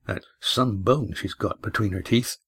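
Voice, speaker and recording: A man voicing a gruff male sailor who mutters dry remarks. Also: on the low side, unhurried, fairly bright tone, dry recording, exaggerated voice. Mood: muttering.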